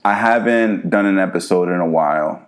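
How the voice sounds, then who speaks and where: A man from New Jersey, a guest on a podcast, talking in a relaxed, laid-back way with lots of "you know". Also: low-pitched, moderate pace. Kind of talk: casual interview chat.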